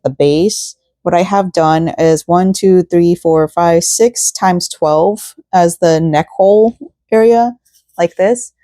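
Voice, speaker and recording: A woman's voice: fairly low pitch, mellow, no room sound, studio quality. A woman craft vlogger chatting casually at home at night, rambling and full of fillers. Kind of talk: casual vlog chat.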